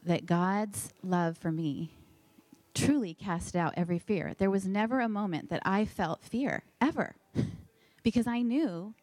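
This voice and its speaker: A woman speaking earnestly at a church service, sharing a heartfelt testimony with halting pauses and fillers. Her voice sits at a middle pitch, and the sound is dry and close, with no room echo. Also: darkish tone. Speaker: pastor's wife sharing testimony. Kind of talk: sermon testimony.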